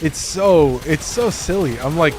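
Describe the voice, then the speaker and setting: A man's voice: a little high, animated, a little slow, soft background music. A man streaming a game, talking casually with lots of fillers and restarts. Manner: rambling, full of fillers and restarts. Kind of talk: casual gameplay commentary.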